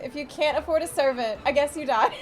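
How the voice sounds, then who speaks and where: A woman streamer chatting casually with her viewers, rambling and often cutting herself off mid-sentence. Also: high-pitched. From United States. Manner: chatty, rambling, self-interrupting.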